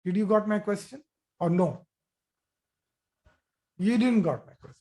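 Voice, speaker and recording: A teacher giving a live online grammar lesson, explaining slowly and repeating forms, checking with students by asking questions. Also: female voice, mid-range voice, dark tone. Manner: slow, repetitive explaining, asks students questions.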